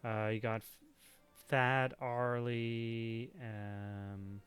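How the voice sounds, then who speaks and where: A man's voice: mid-range voice, little pitch movement, drawn-out words, a bit bright, smooth. A man running a tabletop game as game master, chatty and upbeat with many fillers.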